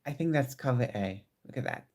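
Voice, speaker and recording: A man talking casually to his viewers from home in a chatty, excitable way, often restarting his sentences. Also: mid-range voice, a little fast. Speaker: vlogger. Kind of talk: casual chat to camera. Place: home room with squeaky chairs.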